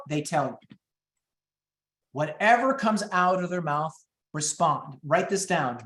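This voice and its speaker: High-energy man teaching real estate scripts. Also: animated, fairly bright tone, echoey room. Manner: high-energy, upbeat and quick-moving. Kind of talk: training webinar talk.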